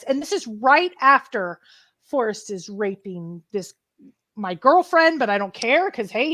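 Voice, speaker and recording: A woman co-hosting a treasure hunt livestream, retelling events in an emotional, animated way with many restarts. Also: a little high. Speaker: treasure hunt show co-host. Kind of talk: casual livestream chat, storytelling.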